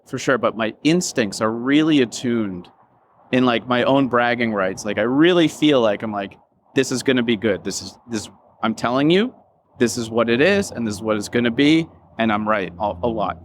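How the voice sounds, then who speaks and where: A man's voice: medium pitch, lively intonation, moderate pace, a little hiss or hum. Man, interview guest, rambling, emotional, casual swearing, lots of fillers. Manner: rambling, many fillers and self-quotes. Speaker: interview guest, business founder. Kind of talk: candid reflective interview talk.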